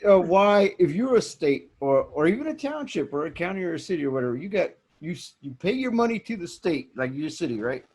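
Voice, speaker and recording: A man's voice: on the high side, very animated, a little mellow, slightly rough. A man, co-hosting a podcast in casual chat and restarting his sentences often. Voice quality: halting, repeats words. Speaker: podcast co-host.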